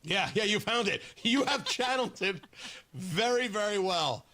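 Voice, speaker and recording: Bright-voiced male radio host. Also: high-pitched, expressive, normal speed. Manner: chatty, laughing, trips over words. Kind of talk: casual morning radio banter.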